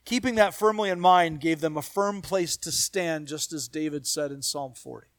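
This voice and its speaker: Brief: male pastor preaching, slightly high voice, close and dry, emphatic repeated phrases with soft asides. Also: normal speed, no echo. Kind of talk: sermon.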